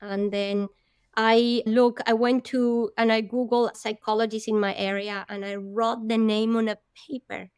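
Woman interview guest, slightly high voice, earnest animated storyteller, dry close sound. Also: a little slow, clean tone, no room sound. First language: Spanish. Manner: animated, earnest, strings clauses with "and then".

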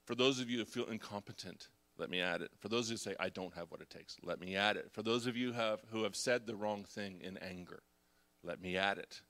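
A middle-aged man, a pastor preaching a confessional sermon who swings between hushed reflection and loud, animated storytelling. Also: on the low side, brisk.

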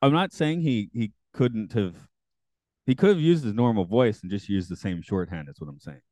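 A man's voice: on the low side, expressive, moderate pace, a little mellow, no room sound. A man hosting a podcast, reading show notes and chatting casually in a rambling, hedging way. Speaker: podcast host.

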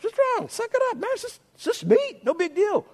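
A preacher voicing a scornful, seasoned believer who mocks a newcomer's scruples. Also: male voice, very animated, a little fast, darkish tone, exaggerated voice. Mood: scoffing. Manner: mocking, shrill. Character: scornful seasoned believer man, brash and dismissive.

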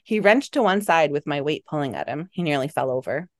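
A woman author reading aloud from her own novel with an expressive, dramatic delivery. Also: low voice, a little fast, no echo. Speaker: author and guest.

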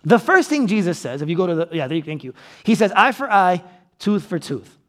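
A man preaching a sermon as pastor, conversational and checking in with his listeners, acting out quotes with sudden loud outbursts. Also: high voice, big pitch swings, normal speed.

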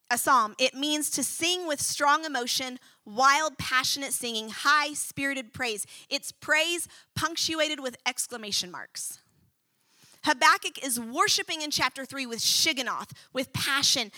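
A woman preacher delivering a sermon to students, expressive and emphatic, reading scripture dramatically. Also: high-pitched, no room sound.

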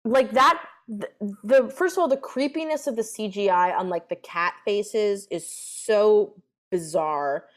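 A woman co-hosting a podcast in casual chat, animated and full of fillers and swearing. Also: mid-range voice, unhurried. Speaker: podcast co-host.

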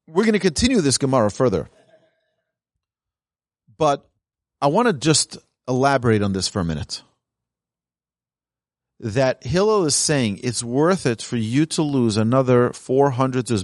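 A man's voice: medium pitch, dry recording, studio quality. A man, a rabbi, teaching a Talmud class in an earnest, emphatic way. He reads lines from the source text and then explains them in plain speech.

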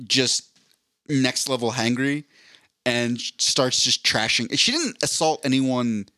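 A man co-hosting a casual podcast, telling stories animatedly with a mid-pitched voice. He acts out quotes in a flat, deadpan drawl. The sound is dry and close to the mic. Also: slow pace, no room sound. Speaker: podcast co-host.

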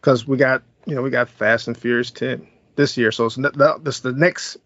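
A man's voice: mid-range voice, fairly even intonation, moderate pace, a bit bright, no room sound, muffled recording. A man hosting a podcast, giving a laid-back, chuckling movie review and recapping the plot. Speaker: podcast host.

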